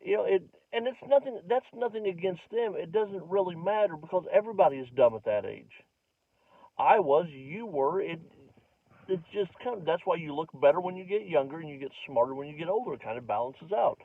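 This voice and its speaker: A man's voice: high-pitched, animated, fairly quick, dry recording. A middle-aged male comedian spins a casual, rambling story full of self-mocking detours. The sound is bone dry with no room around it, and thin and tinny like a phone line. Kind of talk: casual comic storytelling to camera. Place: home recording, not a stage.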